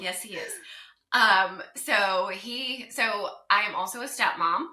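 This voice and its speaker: Upbeat woman guest, slight Southern twang, sharp bright voice, roomy sound. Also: mid-range voice, slow pace. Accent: Southern US, mild. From North Carolina. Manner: upbeat, chatty, laughs often. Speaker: podcast guest, divorce recovery coach. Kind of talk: casual interview chat.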